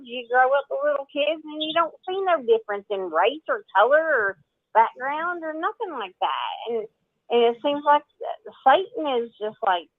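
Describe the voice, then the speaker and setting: Earnest high woman on a tinny phone line. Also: no echo. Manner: earnest, restarts often. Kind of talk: casual group chat.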